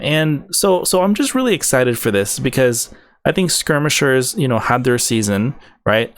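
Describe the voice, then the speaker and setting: A man hosting a gaming video, breaking down game updates in an enthusiastic, rambling way with many fillers and restarts. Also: mid-range voice.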